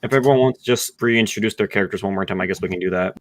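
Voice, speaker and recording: A man's voice: on the low side, racing, slight background noise. A man running a tabletop game as game master, recapping in an easygoing, loose way. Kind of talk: casual game narration over voice chat.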